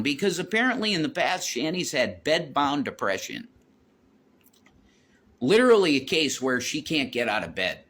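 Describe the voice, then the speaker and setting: A man's voice: medium pitch, very animated, measured pace, fairly bright tone. A man rambling and swearing as he walks around his house, vlogging into his phone. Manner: rambling, repeats himself, swears a lot. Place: home, walking around with a phone.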